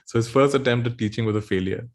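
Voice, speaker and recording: A man giving a dharma talk, telling a story gently and laughing often as he goes. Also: mid-range voice, quick pace, slight background noise. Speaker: spiritual teacher.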